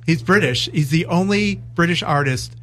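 A man's voice: a little high, moderate pace, fairly bright tone, soft background music. A man co-hosting a podcast, chatting casually in loose, stop-start sentences. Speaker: podcast co-host.

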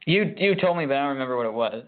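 A man's voice: medium pitch, animated, very fast. A man co-hosting a sports podcast in casual chat, agreeable and matter-of-fact. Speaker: podcast co-host. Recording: tinny phone-like line.

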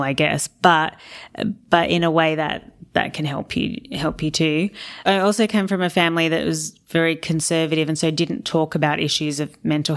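An Australian woman speaking as an interview guest, telling stories candidly and with animation. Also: low voice. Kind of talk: casual interview talk.

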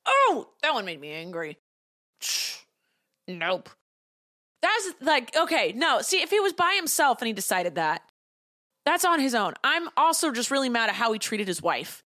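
A woman's voice: a little high, big pitch swings, normal speed, bright, forceful tone, no room sound. A woman hosting a solo podcast, talking bluntly with a lot of swearing and heated opinions into a close mic. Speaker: podcast host.

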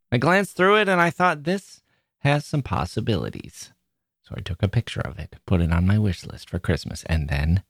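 A man's voice: mid-range voice, fairly bright tone, no room sound, studio quality. A man hosting a literature podcast, chatting wryly and then reading a passage aloud. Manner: chatty, wry, self-correcting. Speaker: podcast host. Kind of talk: casual solo podcast talk and reading aloud.

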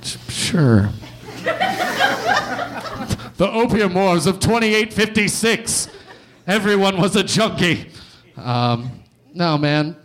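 A young man works a comedy club crowd from the stage with a handheld mic, his voice sitting fairly high. He riffs in a sardonic, loose way, swearing casually between jokes. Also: expressive, slow, pauses often. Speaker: stand-up comedian and host. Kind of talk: stand-up comedy set.

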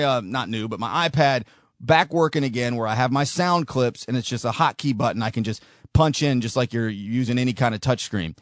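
A man's voice: mid-range voice, no room sound. A middle-aged man hosts his own talk show, chatting loosely with plenty of fillers and a wry, sardonic edge. His voice sits in an ordinary middle range. The recording is dry and close. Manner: casual, sardonic, rambling with fillers. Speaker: podcast host and producer. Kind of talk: solo talk show monologue.

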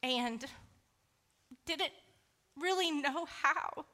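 A woman's voice: sits high, extremely slow, pushed and bright. A woman preaching a sermon, candid and conversational, mixing scripture with a personal story and casual fillers.

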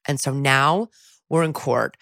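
A woman's voice: rumbling low, unhurried, gravelly, a bit bright, no echo, studio quality. A woman co-hosting a podcast, casually recapping a TV episode with chatty, wry asides. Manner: chatty, wry asides while retelling scenes. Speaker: podcast co-host.

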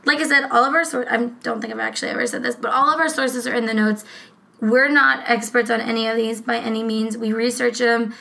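A woman co-hosting a casual true-crime podcast, talking in a rambling, profane, animated way. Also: fairly high pitch, a little fast, creaky, rough recording. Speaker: podcast co-host.

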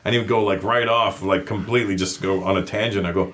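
A man from Canada with a lowish voice, chatting as a guest comedian. He tells stories loosely and jumps up into bigger voices when he quotes himself. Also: quick pace. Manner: animated, acts out his own quotes in raised voices. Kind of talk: casual chat, storytelling.

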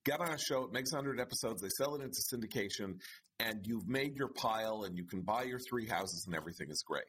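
A man's voice: fairly low pitch, animated, fast talker, fairly bright tone, a little hiss or hum. A man co-hosting a casual conversation, building his points step by step.

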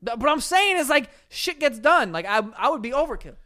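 A young man co-hosting a podcast in casual chat, joking and swearing in quick back-and-forth with his friend. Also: very high voice, sing-song, sharp tone. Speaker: podcast co-host.

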